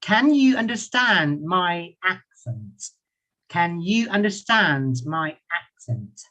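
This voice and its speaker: This man teaches an online English class playfully, slowly repeating his questions and chuckling often; he speaks English with a British accent, and Thai is his first language. His voice sits high and sharp with a sing-song lilt, picked up by a computer mic on a video call.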